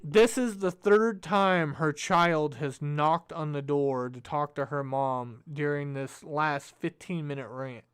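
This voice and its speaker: A man's voice: a little high, fairly even intonation, takes it slowly, few pauses, clean tone. A man commenting on a streamer's rant, sarcastic and mocking. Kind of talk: reaction commentary.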